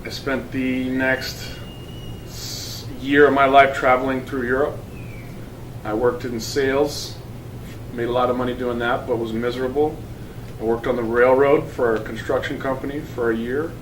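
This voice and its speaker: A man in his thirties, a teacher, talking casually about his career with halting restarts. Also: medium pitch, steady tone. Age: 30s. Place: school building. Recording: roomy and distant with faint noise.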